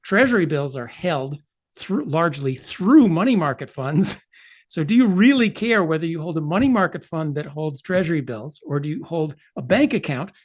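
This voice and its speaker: An older man explains ideas as an interview guest. His pitch swoops widely as he stresses points. He drops in wry, offhand asides. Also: moderate pace. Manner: animated, emphatic, wry asides. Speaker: economist guest.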